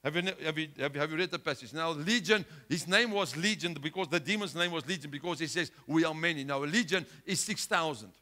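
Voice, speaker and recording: A male pastor preaching a sermon with a South African accent, swinging between loud urgent exhortation and quiet, low asides. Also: fast, few pauses. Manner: impassioned preaching, rising loud then dropping low.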